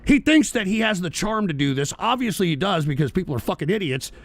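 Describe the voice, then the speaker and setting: A man's voice: sits high, sing-song, fast, no echo. A male talk radio host ranting about politics, profane, heated and emphatic.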